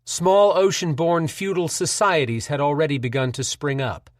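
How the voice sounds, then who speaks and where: A man narrating an audiobook in a measured, steady storytelling voice. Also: a little high, dry recording, studio quality.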